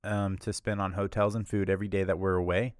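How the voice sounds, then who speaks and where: A man's voice: deep voice, flat delivery, quick pace, smooth, dry recording, studio quality. A man co-hosting a casual podcast, laughing a lot and teasing his friends. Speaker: podcast co-host. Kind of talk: casual chat.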